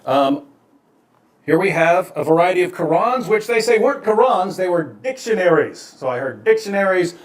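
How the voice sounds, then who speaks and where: Calm wry man in an echoey room. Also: high-pitched, normal speed. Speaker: video creator. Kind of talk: explanatory monologue.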